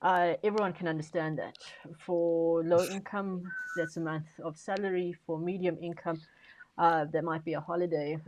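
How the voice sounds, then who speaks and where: A woman on a conference panel makes her case emphatically and persuasively, stressing key words, using frequent fillers and often restarting sentences. Her voice is fairly low and darkish in tone, with fairly even intonation at a moderate pace. The low-quality recording has slight background noise.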